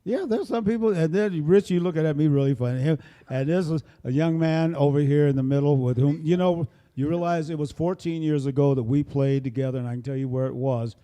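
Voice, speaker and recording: A man's voice: a little high, fairly quick, few pauses, dark tone. An older man leading a band, introducing his musicians with rambling, joking stage banter into a microphone at a small venue. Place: small performance space, live audience.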